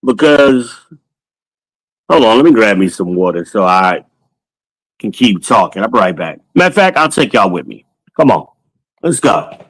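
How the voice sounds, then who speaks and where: Low-voiced, boastful man. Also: very animated, normal speed, long pauses, fairly bright tone, husky, rough recording. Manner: boastful, loose and joking, swears freely. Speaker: podcast host. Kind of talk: casual monologue to viewers. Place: walking through his own home.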